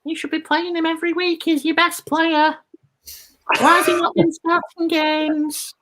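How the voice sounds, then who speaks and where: A man doing a high, squeaky, indignant football fan in a whining tone, like a supporter ranting online. Exaggerated and pleading. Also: level tone, unhurried, bright, forceful tone, exaggerated voice, low-quality recording.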